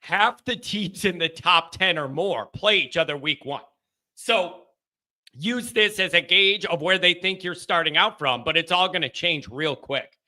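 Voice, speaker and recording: Male call-in host, high and very bright voice, casual rambling delivery with self-deprecating jokes. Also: measured pace. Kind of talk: casual sports talk monologue.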